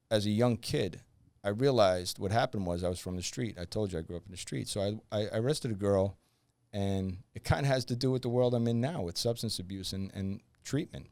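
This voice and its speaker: A man's voice: lowish voice, creaky, a little mellow, no echo. A man, a former undercover officer, telling stories as a podcast guest and acting out the voices of people he quotes. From New Jersey. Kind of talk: storytelling in a podcast interview.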